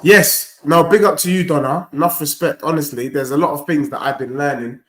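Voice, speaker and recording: Young fan-host, animated slang commentary, slightly high voice, echoey room. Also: male voice, a little fast. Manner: animated, slangy banter reacting to play. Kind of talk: live football watchalong commentary.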